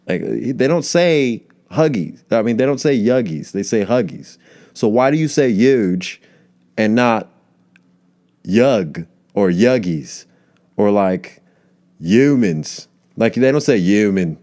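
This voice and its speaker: A man's voice: on the low side, sing-song, unhurried, warm tone. A male comedian hosting a solo podcast, rambling from tangent to tangent and swearing casually.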